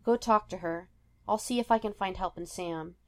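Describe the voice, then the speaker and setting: A woman's voice: medium pitch, normal speed, lightly acted. A woman voicing a determined young man who speaks in a firm, encouraging way. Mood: urgent.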